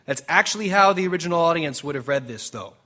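Bright-voiced male pastor preaching a sermon. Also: fairly high pitch. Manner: animated, emphatic, with dramatic quoted lines and pauses; jokes with the congregation.

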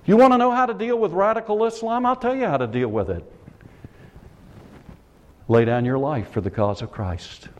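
A man preaching a sermon with passion, firing rhetorical questions and swinging between shouts and hushed lines. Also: sits high, moderate pace, pauses often, dull audio, slight background noise. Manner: impassioned, rhetorical questions, sudden shouts and drops.

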